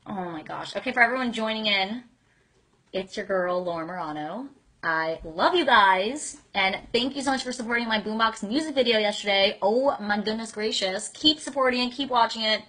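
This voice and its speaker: Bubbly young woman with a bright, breathy voice. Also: medium pitch, moderate pace. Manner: bubbly, giggly, gushing, lots of "like" fillers. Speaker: live stream host reading fan comments. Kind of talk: casual live chat.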